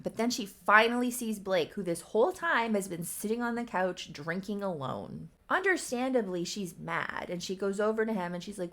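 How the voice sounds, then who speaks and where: A woman's voice: lowish voice, normal speed. A woman reading her own old story aloud in a casual, amused way, with wry asides. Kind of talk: casual riffing read-aloud.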